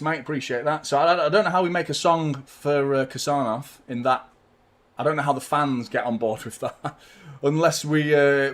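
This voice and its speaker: A man hosting a live football watchalong, giving chatty, partisan fan commentary and swearing freely. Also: medium pitch.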